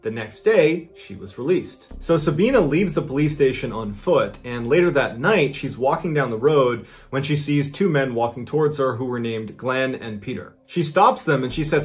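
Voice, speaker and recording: Guy in his 30s telling a dark true story, dramatic, leans hard on the big moments. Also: mid-range voice, lively intonation, normal speed, few pauses. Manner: dramatic, building tension with sudden emphasis. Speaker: storyteller host.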